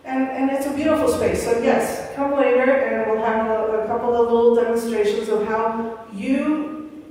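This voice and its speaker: A woman's voice: a little high, steady tone, moderate pace, darkish tone, recorded from a distance. An older woman giving a rambling, chatty spiritual talk at a Sunday gathering, often acting out the voices she quotes. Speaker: guest speaker. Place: large hall of a spiritual center. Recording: echoey hall recorded from afar.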